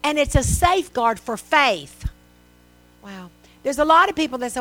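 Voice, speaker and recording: High-voiced woman preaching, humming line. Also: animated, a little fast, a bit bright. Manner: conversational preaching with rhetorical questions and mimicked voices. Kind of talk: sermon.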